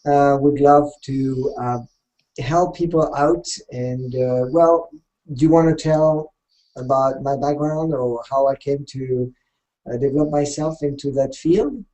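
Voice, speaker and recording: Middle-aged guy, french accent, mellow low-key voice, lots of uhs and restarts. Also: measured pace, rough recording. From Switzerland. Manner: hesitant, many fillers and restarts. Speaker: guest, career and training consultant. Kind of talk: interview answers.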